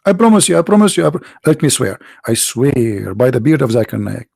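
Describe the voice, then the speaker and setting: A man's voice: mid-range voice, animated, fairly quick, gravelly, darkish tone, husky, no echo, studio quality. A male video host and preacher talking in a sarcastic, mocking monologue full of rhetorical questions, his voice sounding tired.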